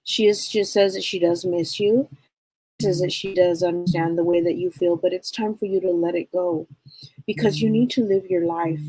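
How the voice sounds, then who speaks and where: A woman co-hosting a live show as a psychic medium, gently relaying messages and often searching for her words. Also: on the low side, fairly even intonation, normal speed, slightly rough, no room sound, rough recording.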